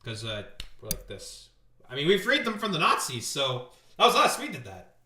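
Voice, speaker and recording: A man's voice: on the high side, wildly swooping pitch, normal speed, sharp tone. A man from Canada, hosting a casual political commentary stream, blunt, sarcastic and heavy on swearing. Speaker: streamer host. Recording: roomy echo.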